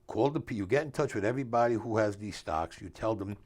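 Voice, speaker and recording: As an author guest in a laid-back interview, an older man recounts stories with a street-smart edge, acting out who said what and skipping proper grammar. His voice is on the low side with a darkish tone, and he speaks fast.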